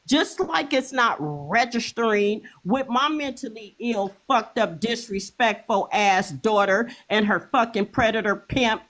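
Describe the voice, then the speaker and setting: A middle-aged woman on a livestream with a fairly high voice. She rants in a heated, profane way and repeats herself again and again. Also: expressive, a little slow, hardly any pauses, fairly bright tone. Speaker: livestream host. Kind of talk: angry livestream rant.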